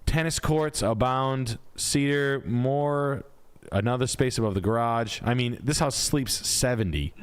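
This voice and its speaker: A man's voice: medium pitch, a little slow, clean tone. A man hosting a live stream, reviewing house listings with crude, profane jokes and loose, riffing commentary. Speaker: realtor reviewing house listings, show host.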